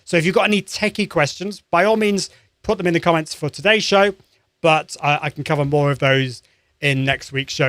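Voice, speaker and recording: Host type: upbeat male voice coach, slightly higher pitch, dry close sound. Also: a little fast, a bit bright, no echo. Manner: upbeat and encouraging, demonstrates sounds; conversational with frequent restarts. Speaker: live-stream show host, voice coach. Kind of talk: live-streamed voice warm-up lesson.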